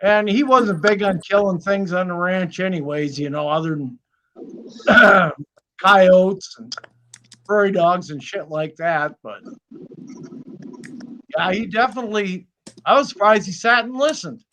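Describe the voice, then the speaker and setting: A man's voice: high-pitched, unhurried, pauses often, sharp tone, a little hiss or hum. A man spins folksy, casual stories. He swears freely and throws himself into the voices of the people he quotes, the way you would at a kitchen table. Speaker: snake keeper on live stream. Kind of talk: casual storytelling chat.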